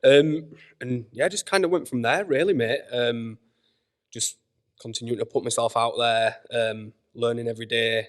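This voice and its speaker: A man's voice: mid-range voice, fairly even intonation, normal speed. Easygoing Yorkshire man, casual guest. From Leeds, England. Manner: easygoing, loose, full of fillers and "mate". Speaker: podcast guest, personal trainer. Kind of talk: casual podcast chat. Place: gym.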